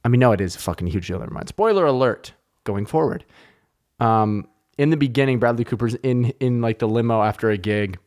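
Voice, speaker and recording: A man's voice: medium pitch, brisk, darkish tone. A man hosting a podcast in casual chat, rambling and swearing freely, and poking fun at himself. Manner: rambling, profane, self-mocking. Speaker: podcast host.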